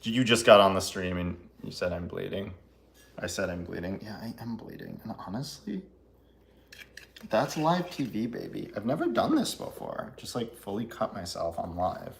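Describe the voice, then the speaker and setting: A chatty man with a slightly low voice, streaming live while he bakes at home. He jokes and laughs easily as he talks to viewers. Faint clinks of dishes and cutlery sit behind him. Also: very animated, normal speed, gravelly, a little hiss or hum. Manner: chatty, laughs often, jokey. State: laughing through a cut finger. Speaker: baker hosting a live stream. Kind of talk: casual live-stream chat. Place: home kitchen.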